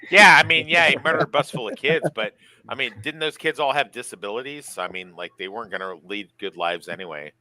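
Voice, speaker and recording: A man chatting casually during a movie watch-along, rambling and swearing while making dark, edgy jokes. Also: medium pitch, fairly quick, dry recording. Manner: rambling, profane, dark joking. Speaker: podcast co-host.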